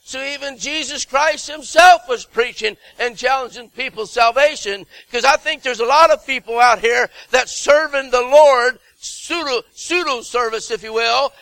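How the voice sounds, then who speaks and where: A man preaching an earnest, emphatic Baptist sermon in a very high, gravelly and bright voice. He stretches out key phrases for weight and drops in jokey self-mocking asides. The sound is dry and close, with no room echo. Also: a little slow, hardly any pauses.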